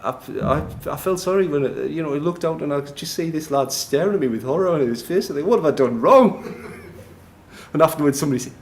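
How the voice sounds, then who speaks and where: A man's voice: a little high, a little fast, a little mellow. A man giving a live technical presentation in a noisy, echoey conference room, chatty and self-deprecating, often laughing. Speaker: conference speaker.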